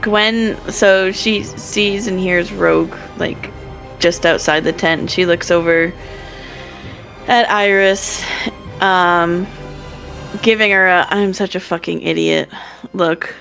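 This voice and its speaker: A woman's voice: on the low side, steady tone, slow, long pauses, fairly bright tone, faint music behind. A woman playing a tabletop game, describing her character's actions unhurriedly with fillers. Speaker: player. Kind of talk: tabletop role-play.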